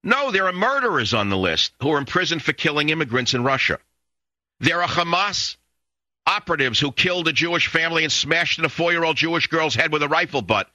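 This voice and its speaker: A man's voice: a little high, animated, fairly quick, bright, forceful tone, dry recording. Furious man ranting on talk radio. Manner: indignant, taunting, repeating insults. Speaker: radio talk show host. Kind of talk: angry radio monologue. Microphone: studio microphone.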